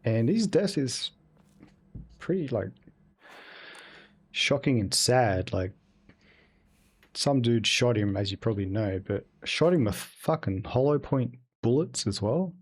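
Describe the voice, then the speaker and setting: A young man streams a video game live, chatting in a laid-back, rambling way with plenty of swearing. His medium-pitched, husky voice is very animated yet slow, broken up by long pauses.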